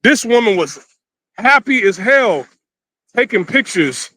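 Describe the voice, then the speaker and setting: A man's voice: high voice, big pitch swings, slow pace, pauses often, bright, forceful tone, no room sound. A man vlogging a casual, rambling story, crude and repetitive as he talks.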